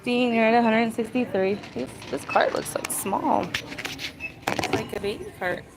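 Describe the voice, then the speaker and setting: A woman's voice: a little high, fairly even intonation, measured pace, heavy background noise. A woman chatting casually with viewers on a livestream while running errands and driving. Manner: chatty, thanks viewers for gifts.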